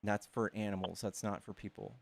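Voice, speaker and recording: A man debating a caller on his stream, arguing fast, cutting in and trailing off mid-sentence. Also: lowish voice, little pitch movement, gravelly, dry recording, studio quality. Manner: argumentative, quick to interrupt, trails off mid-sentence. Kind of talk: casual debate.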